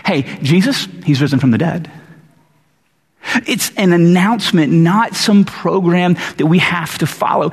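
Animated high-voiced man preaching in a hall. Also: husky. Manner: casual and animated, frequent restarts and playful asides. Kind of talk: conversational sermon.

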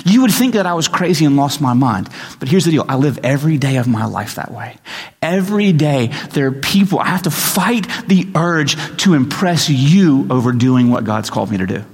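A man preaching a sermon as pastor, telling stories with animated acted-out voices. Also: medium pitch, moderate pace. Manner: animated storytelling, acts out quoted voices. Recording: reverberant hall recording.

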